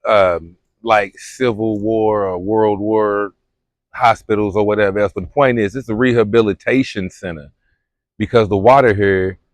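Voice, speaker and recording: A man's voice: fairly low pitch, steady tone, moderate pace, no room sound. A young man from Kentucky, vlogging outdoors at a spring on a phone camera, talking in a loose, slangy, rambling way. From Louisville, Kentucky. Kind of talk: casual vlog chat.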